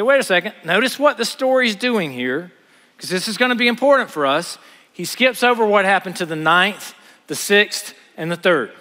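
Man, preacher, sermon, animated, bright forceful voice, long hall reverb. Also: high-pitched. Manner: animated, acts out parable voices, asks the audience questions.

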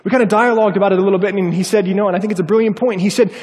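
A man with a fairly high voice preaches a story-driven sermon. He delivers it with lively animation and acts out the people in the story. The voice rings with the long reverb of a big hall. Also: very fast.

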